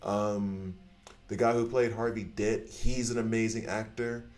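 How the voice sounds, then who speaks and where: A man with a low voice holds forth on his gaming channel in a loose, unscripted rant. He is blunt and animated, drops casual swears, and often trails off and restarts his sentences. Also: unhurried. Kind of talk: casual ranting chat.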